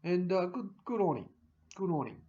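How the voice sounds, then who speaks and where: A middle-aged man, rambling emotionally to camera in a farewell vlog, breaking into loud mimicry and laughter. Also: sits high, big pitch swings, moderate pace. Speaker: YouTuber signing off. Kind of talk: casual personal talk to camera. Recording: dull lo-fi home recording.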